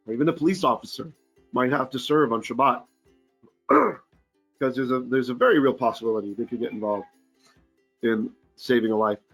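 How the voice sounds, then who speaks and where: A man, a rabbi, teaching a Torah portion in an informal online class. He chants Hebrew verses, translates them in casual, joking talk, and often clears his throat. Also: mid-range voice, animated, normal speed, pauses often, a bit bright, soft background music.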